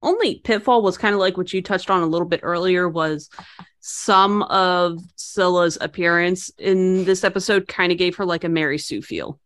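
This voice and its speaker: A woman's voice: lowish voice, normal speed. A woman co-hosting a casual podcast, chatting bluntly about a TV episode. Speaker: podcast co-host. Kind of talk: casual TV recap chat.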